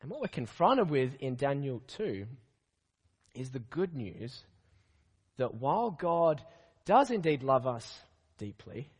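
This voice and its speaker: Hoarse man preaching in a reverberant hall. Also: medium pitch, big pitch swings, slow pace, long pauses. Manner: conversational, builds on rhetorical repetition. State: hoarse from a cold. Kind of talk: sermon. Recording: long reverb of a large hall.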